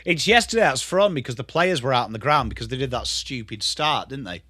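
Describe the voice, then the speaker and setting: A man's voice: medium pitch, animated, a little fast, sharp tone, slightly rough, no room sound, clean studio sound. An English man in his thirties, host of a casual live stream, chatting loosely and swearing as he answers viewers. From England. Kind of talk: casual live watchalong chat.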